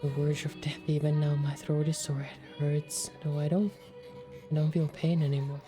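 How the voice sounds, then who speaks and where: A woman reading aloud as a wounded, parched outcast in a visual novel, her speech halting and repetitive. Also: low voice, level tone, music in the background, close to an everyday voice. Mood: distraught, parched.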